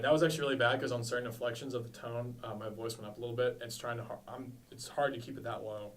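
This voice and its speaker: A man's voice: mid-range voice, fairly even intonation, fast, few pauses, far from the mic, rough recording. A man in his twenties co-hosting a podcast, chatting casually in a rambling, self-deprecating way. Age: 20s. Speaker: podcast co-host. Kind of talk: casual chat.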